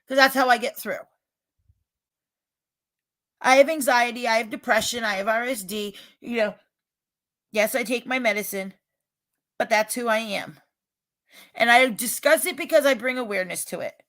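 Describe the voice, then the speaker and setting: A woman with a regional American accent, rambling and emphatic as she talks straight to her livestream chat, getting loud when she is upset. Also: on the high side, moderate pace, pauses often. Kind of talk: casual chat, defensive and venting.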